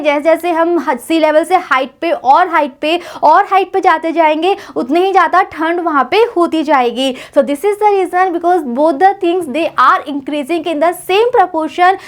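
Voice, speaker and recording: Brief: high-pitched Indian woman, patient grammar teacher, mixes English and Hindi, keeps asking "right?". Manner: explains in English mixed with Hindi, repeats "right?" and "you know". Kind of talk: grammar lesson.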